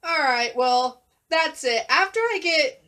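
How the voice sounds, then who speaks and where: A woman's voice: sits high, animated, slow pace, sharp tone. A woman chatting casually over her drawing, rambling with frequent ums and restarts. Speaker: art channel creator.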